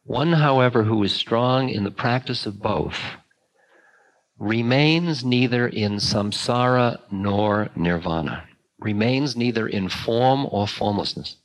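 An older man giving a spiritual talk, musing slowly with long pauses. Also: mid-range voice, low-quality recording. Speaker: spiritual teacher. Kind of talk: dharma talk.

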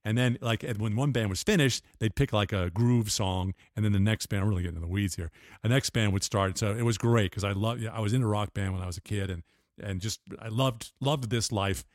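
The older man speaks briskly in a lowish voice, a guest on an interview show casually spinning stories. He rambles, restarts, and laughs along the way, and the recording is dry and studio quality.

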